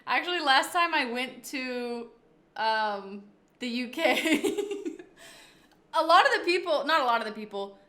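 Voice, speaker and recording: A woman's voice: sits high, bright, forceful tone, reverberant. A woman streamer chatting casually on a livestream, rambling through off-the-cuff reactions.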